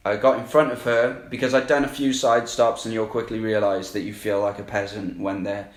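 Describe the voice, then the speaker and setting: A man's voice: on the low side, level tone, fairly quick. A man, a coaching client, candidly recounting his experience in a rambling, profanity-heavy way. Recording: roomy echo.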